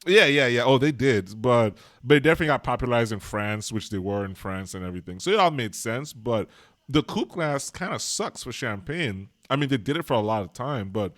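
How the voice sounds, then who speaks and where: A man co-hosting a casual movie-review podcast, chatty and quick to laugh, wandering off into tangents. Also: medium pitch, expressive, fairly bright tone, no echo, clean studio sound. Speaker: podcast co-host.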